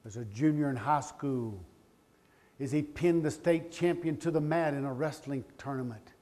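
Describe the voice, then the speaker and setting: A middle-aged man giving a speech, telling a personal story with heartfelt, dramatic swings between booming and hushed delivery. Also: moderate pace. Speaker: public speaker.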